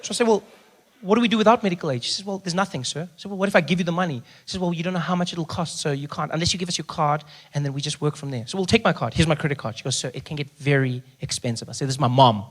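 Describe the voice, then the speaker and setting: A South African man telling a story on a comedy stage, his voice pitched high and running quickly. He slips in and out of the people in his tale and bursts into loud shouts at their antics. He is heard through a handheld stage mic. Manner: animated, acts out characters with sudden loud outbursts. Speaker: stand-up comedian. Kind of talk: stand-up storytelling. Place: theater stage before a live audience.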